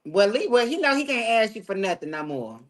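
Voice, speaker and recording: A woman in casual chat, chiming in with quick, sassy remarks and agreement. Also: a little high, big pitch swings.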